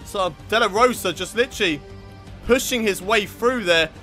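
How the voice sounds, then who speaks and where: Brief: young British gamer guy, high-pitched, sweary and easily riled, live racing commentary over faint game music. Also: normal speed. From Britain. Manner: frustrated, sweary, shouts at rival drivers. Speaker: gaming YouTuber.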